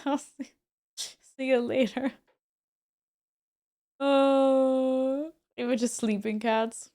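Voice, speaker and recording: A woman's voice: sits high, little pitch movement, drawn-out words, pauses often, darkish tone. A young woman streamer chatting casually with her viewers, laughing often and exclaiming as she comments on her cats.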